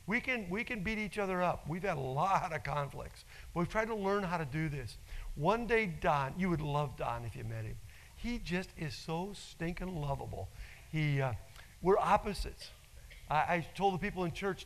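A man's voice: high-pitched, moderate pace, a bit bright, rough recording. A middle-aged male pastor preaching a sermon in an emphatic, folksy storytelling way, repeating key phrases.

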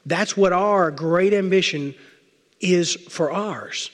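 High-voiced preacher in an echoing hall. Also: male voice. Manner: emphatic, with repeated lists and slowed words for stress. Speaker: pastor. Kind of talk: sermon. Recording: long reverb of a large hall.

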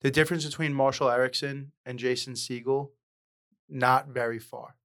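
A man, opinionated and casual, weighing in on a movie. He swears freely and sometimes stretches his words out slowly. His voice sits at a middling pitch. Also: level tone, fairly bright tone. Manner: opinionated, swears casually, drawn-out delivery at times. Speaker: podcast co-host.

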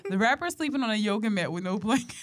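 A woman's voice: medium pitch, very noisy. A young woman co-hosting a podcast in casual chat, blunt and slangy, often laughing. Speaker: podcast co-host.

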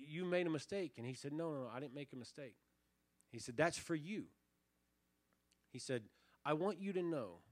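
A man in his thirties preaching a sermon, telling a story with lively acted-out quotes. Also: mid-range voice, no room sound. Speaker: pastor.

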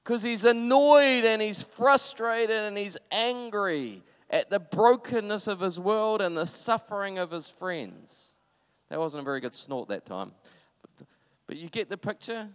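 A man's voice: a little high, big-room sound. A man preaching a sermon in a conversational, impassioned way, with sudden emphatic bursts.

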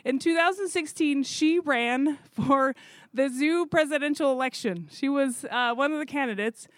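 A woman who coordinates zoo volunteers, telling a story in a chatty, animated way with fillers. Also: sits high, moderate pace, no room sound. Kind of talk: casual storytelling.

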